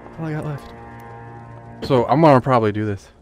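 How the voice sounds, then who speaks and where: While streaming a game, a young man rambles, jokes, and curses in casual gameplay chat. His voice is mid-range, he speaks at a moderate pace, and faint music plays behind him.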